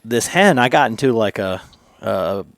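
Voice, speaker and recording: A man's voice: on the low side, expressive, measured pace, vocal fry, dry recording, studio quality. A man co-hosting a podcast in casual talk, rambling and chatty as he asks questions and tells stories. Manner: rambling, many fillers and restarts, chatty storytelling. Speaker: podcast co-host.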